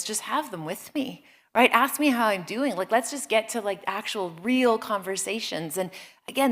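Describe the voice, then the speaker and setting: A woman in her forties giving a motivational keynote talk, conversational and animated, telling stories with quick asides and frequent "like" and "right?". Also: on the high side. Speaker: keynote speaker.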